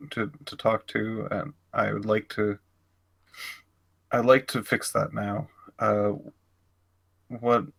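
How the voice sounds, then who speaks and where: A man playing an earnest young man who halts and restarts as he talks, in a lowish, flat voice. He speaks slowly and carefully, close to the mic in a dry room. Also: vocal fry, dry recording, heavily acted. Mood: concerned. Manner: halting, stumbling over words.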